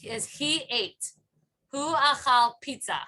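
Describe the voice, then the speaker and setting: A woman teaching a small online class over a video call. She talks in a bright, slightly high voice, repeating phrases patiently and laughing often. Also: slow pace. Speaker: Hebrew teacher.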